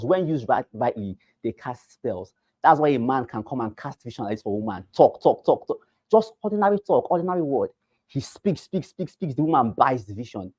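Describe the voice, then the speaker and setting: In a mellow mid-range voice with no echo, a Nigerian man leads a realtor class as a real estate trainer. He keeps repeating key phrases and tests his audience with rhetorical questions.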